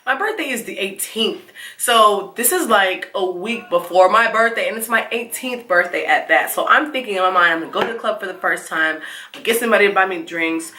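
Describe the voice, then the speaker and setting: A young woman telling a storytime vlog, animated and laughing, acting out the quotes in squeals. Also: mid-range voice, a little fast, reverberant, slight background noise. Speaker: vlogger. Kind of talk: casual storytime.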